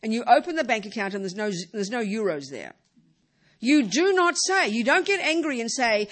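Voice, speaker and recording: A woman's voice: on the high side, very animated, fairly quick, a bit bright. A woman teaching Buddhism in a talk, emphatic and full of rhetorical questions.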